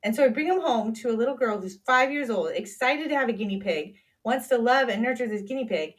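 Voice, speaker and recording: A woman's voice: a little high, lively intonation, brisk. A woman in her thirties chatting casually on a podcast, telling family stories and quoting people in little voices. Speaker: podcast guest, Charli's sister. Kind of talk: casual storytelling chat.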